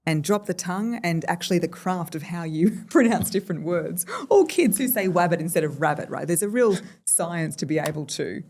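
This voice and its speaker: A woman's voice: lowish voice, fairly quick, few pauses. An Australian woman in a casual podcast interview, speaking as a voice coach and telling stories with playful shifts in her voice. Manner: animated storyteller, playful vocal shifts. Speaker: voice coach guest.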